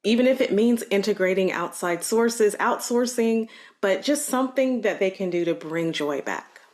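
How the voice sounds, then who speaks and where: A woman's voice: medium pitch, expressive, normal speed, darkish tone. A woman hosting a podcast, asking eager, encouraging questions. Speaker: podcast host. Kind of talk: casual interview chat.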